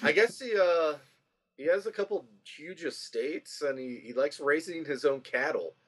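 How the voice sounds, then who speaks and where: A man co-hosting a podcast in casual chat, animated and emphatic. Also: on the high side, normal speed, slightly rough. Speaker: podcast co-host.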